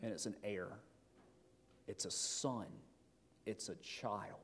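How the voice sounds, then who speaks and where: A man's voice: on the low side, slow pace, a bit bright, husky. A middle-aged man preaching a sermon as pastor, talking conversationally with rhetorical questions and frequent restarts. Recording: long hall reverb.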